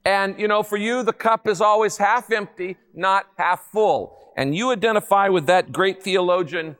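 A male pastor delivers a sermon with a notably high-pitched voice. He keeps it lively and humorous, throwing rhetorical questions at his listeners. The sound carries a long reverb, as in a large church hall. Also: normal speed, clean tone.

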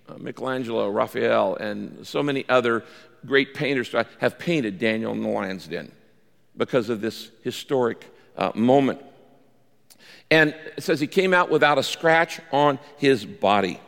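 Gravelly preacher in a big reverberant hall. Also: male voice. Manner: animated preacher, acts out quoted lines with big pitch jumps. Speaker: pastor. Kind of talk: sermon. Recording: long reverb of a large hall.

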